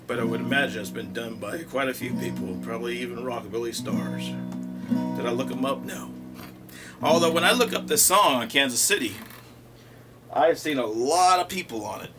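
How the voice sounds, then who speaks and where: A rockabilly singer hosts his own music show, chatting casually at normal speed between songs with easygoing asides. His voice is medium-pitched, and loud guitar music plays under it.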